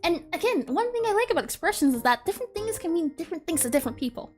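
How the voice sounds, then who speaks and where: A woman's voice: very high voice, sing-song, quick pace, a bit bright, soft background music. A woman streaming as she draws, chatting casually, reading chat aloud and giggling often. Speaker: art streamer. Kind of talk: casual live-stream chat while drawing.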